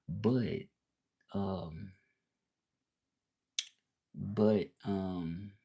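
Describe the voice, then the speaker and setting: A man's voice: lowish voice, dark tone. Laid-back man with a Southern drawl. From Memphis, Tennessee, United States. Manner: laid-back, chatty, repeats himself, Southern slang. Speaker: language teacher and streamer. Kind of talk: casual livestream chat answering viewers.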